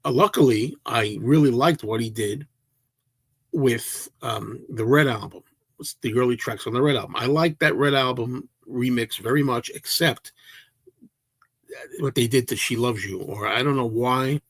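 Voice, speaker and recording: A man with a mid-range, slightly breathy voice speaks at a measured pace in a dry recording. He's hosting a casual livestream, answering viewer comments in a chatty, rambling way and often restarting mid-sentence.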